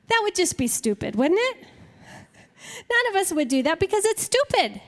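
A woman teaching a sermon to women, slow and emphatic, with playful acted-out examples. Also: sits high, sing-song, big-room sound.

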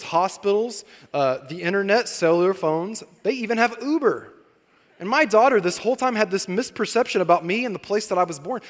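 Man in his thirties, pastor, sermon, conversational storyteller, fairly high voice, long hall reverb. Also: fairly bright tone. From Arkansas, raised in California. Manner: conversational storytelling with asides to the congregation.

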